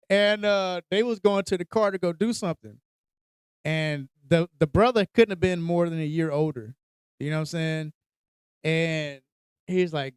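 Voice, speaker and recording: Male podcast host, 30s, lively storyteller doing voices; smooth, fairly high, dry sound. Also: normal speed, no echo. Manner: animated storyteller, acts out voices, laughs often. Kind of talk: casual storytelling chat.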